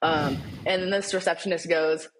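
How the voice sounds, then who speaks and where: A young man, a podcast guest, telling a story in casual chat, animated and laughing often, with lots of "like". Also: a little high, moderate pace. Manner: animated, laughing, heavy use of "like".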